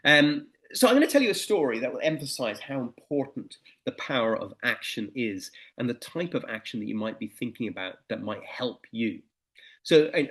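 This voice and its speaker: A middle-aged man giving a motivational presentation, telling anecdotes and stories. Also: mid-range voice. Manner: anecdotal, animated storytelling. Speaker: motivational speaker.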